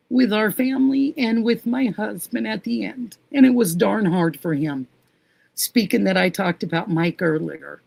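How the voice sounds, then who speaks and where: Speaking in a mid-range voice that's slightly rough, with vocal fry and a darkish tone, a middle-aged woman hosts a laid-back livestream. She reads comments and affectionately greets viewers by name, with no room sound in the recording.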